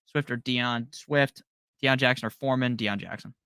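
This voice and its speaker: A man hosting a casual live Q&A, rattling through viewer questions with short, offhand answers and loose slang. His voice has a gravelly edge over a bright, forward tone, and it sounds dry, with no room around it. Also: medium pitch, no room sound. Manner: rapid-fire, offhand answers with slang and the odd curse. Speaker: fantasy football live-stream host.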